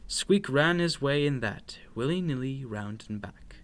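A man reading a children's bedtime story aloud with expressive, sing-song narration. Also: mid-range voice, a little slow.

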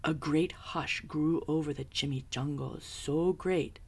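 Storybook narrator: woman, low-pitched, unhurried, husky, hushed whispery telling. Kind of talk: children's picture book reading.

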